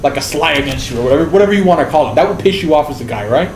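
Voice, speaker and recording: A man's voice: on the high side, expressive, racing. A man from the United States telling a story on his game stream, blunt and full of swearing. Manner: profane, blunt, heavy swearing. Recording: roomy with faint background noise.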